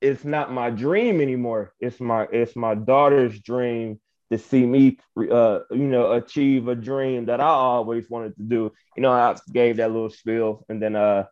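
A young professional wrestler from Michigan, USA, tells his story casually as an interview guest, acting out what people said to each other and laughing often. His voice is mid-range and a little slow, and the lo-fi audio sounds muffled.

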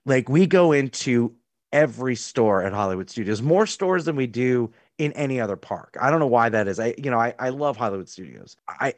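A man's voice: medium pitch, expressive, brisk, dry recording. A man co-hosting a podcast in casual chat, rambling through stories and putting on mock indignation. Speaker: podcast co-host.

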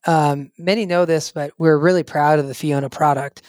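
A man's voice: a little high, fairly even intonation, moderate pace, darkish tone, clear, resonant tone, no echo, clean studio sound. A man co-hosting a podcast in casual chat, talking in a loose, rambling way and steering the conversation, his voice weak and strained. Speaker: podcast co-host.

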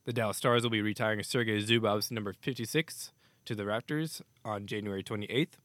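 A man's voice: fairly low pitch, fairly quick, a bit bright, no room sound. A man hosting a casual hockey news podcast, reading statements aloud with offhand asides. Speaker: podcast host.

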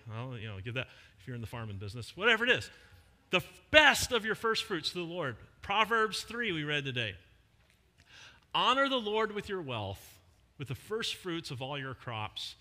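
Bright-voiced pastor preaching in a hall. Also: male voice, a little high, very animated. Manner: conversational preaching with emphatic pauses. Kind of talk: sermon. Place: church hall. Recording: long hall reverb.

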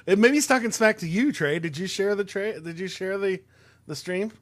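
A young adult man telling stories in a casual, animated chat, full of fillers. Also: sits high, moderate pace. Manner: animated, storytelling, many "like" fillers.

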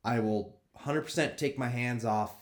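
A man's voice: medium pitch, measured pace. A man from the northern United States, co-hosting a casual podcast chat and joking around. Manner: laughing, jokey, slips into playful put-on voices. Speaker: podcast co-host.

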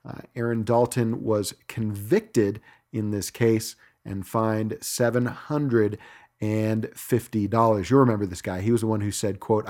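A middle-aged man hosting a cycling podcast from his home studio, reading news items in a relaxed way with frequent filler words. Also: on the low side, normal speed. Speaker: podcast host. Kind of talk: solo podcast news segment.

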